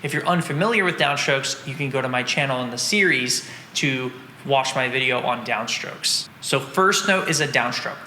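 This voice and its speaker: A man's voice: medium pitch, animated, normal speed, few pauses, bright, forceful tone, echoey room, big-room sound, slight background noise. A man teaching drums, patiently explaining and counting out strokes in an instructional lesson. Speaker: drum teacher.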